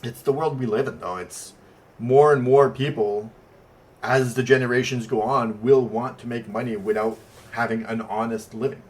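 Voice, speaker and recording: A podcast co-host, a man whose first language is French, talks in English at a middling pitch. He rambles through stories, blunt and unfiltered, with swearing along the way. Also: normal speed, a little mellow. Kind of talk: casual chat.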